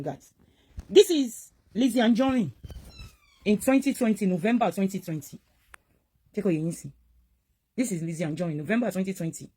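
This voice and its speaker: A woman's voice: on the low side, dark tone, breathy edge. A woman giving gossip commentary, pointed and questioning, switching between Yoruba and English.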